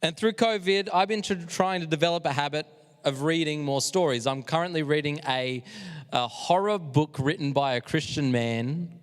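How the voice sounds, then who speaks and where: Man, youth leader, casual and energetic, hall reverb. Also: on the high side, moderate pace, clean tone. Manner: energetic, chatty, self-deprecating. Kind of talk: live youth service talk. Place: church hall, live stream.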